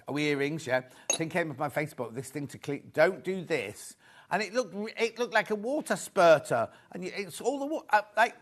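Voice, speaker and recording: A man's voice: fairly high pitch, a bit bright. Chatty man presenting live shopping. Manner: chatty, reads viewer messages, jokes with crew. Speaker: shopping channel host.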